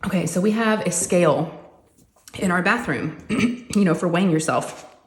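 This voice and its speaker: A woman, chatting casually and telling animated family stories while she crafts at home. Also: lowish voice, normal speed, reverberant. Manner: chatty, animated, says "y'all" often. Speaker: crafting vlogger and mother.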